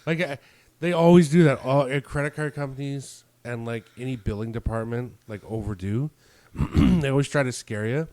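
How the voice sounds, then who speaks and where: A man in a mid-range voice tells a story on a podcast in loose, animated chat. He acts out both sides of billing phone calls and curses casually. The sound is dry and close, with no room around it. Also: mid-range voice, normal speed, no room sound. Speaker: podcast co-host.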